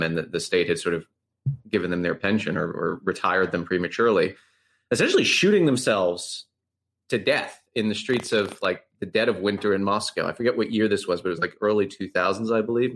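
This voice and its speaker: A low-voiced male journalist gives analysis as a podcast guest. He talks loosely, correcting himself and circling back mid-sentence. An occasional curse slips into the explanation. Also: a bit bright. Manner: rambling, self-correcting, occasional swearing. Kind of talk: casual analytical chat.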